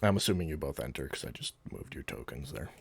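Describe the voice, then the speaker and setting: A man narrating as game master in a relaxed, casual way, with filler words. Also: extremely low pitch, fast talker, vocal fry.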